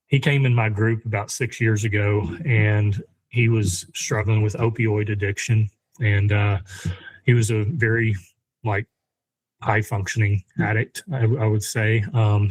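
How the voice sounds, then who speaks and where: A man, a guest on a podcast who leads a men's ministry group, telling personal stories conversationally in an animated, chatty way. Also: lowish voice, no room sound, rough recording. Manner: animated, chatty with frequent fillers and laughs. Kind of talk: conversational storytelling.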